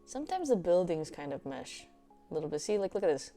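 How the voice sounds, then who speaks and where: A woman's voice: on the low side, very animated, fast, dark tone, faint music behind. A woman hosting a casual explainer video, rambling with lots of fillers and laughing often. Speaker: video host.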